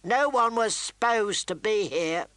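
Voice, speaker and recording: A man's voice: high voice, animated, a little slow, pushed and bright, no room sound, pitched above the performer's own voice, full character voice. A man reading an audiobook, voicing a dirty, furtive little intruder who mutters sourly. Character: small gaunt dirty male intruder, sour and furtive.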